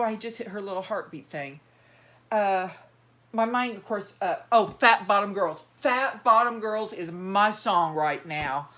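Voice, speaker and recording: A middle-aged woman with a drawl chats on and on in a loose, rambling way, stopping and restarting her thoughts. Her voice sits a little low for a woman. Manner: rambling, chatty, many fillers and restarts. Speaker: doll collector vlogger. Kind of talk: rambling casual chat while handling dolls.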